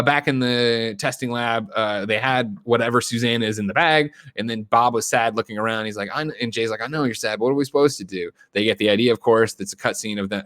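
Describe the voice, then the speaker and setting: A man's voice: on the low side, fairly bright tone, no echo, studio quality. A man co-hosting a podcast, retelling a movie plot in a loose, profane, rambling way with many ums. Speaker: podcast co-host. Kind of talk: casual movie recap on a podcast.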